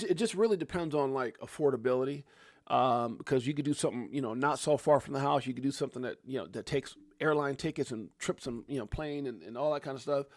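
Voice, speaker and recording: A man's voice: mid-range voice, darkish tone, no echo. Easygoing male livestream host, forties, conversational, dry mic. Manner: laid-back, chatty, calls viewers bro and fam. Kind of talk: casual live chat reading viewer comments.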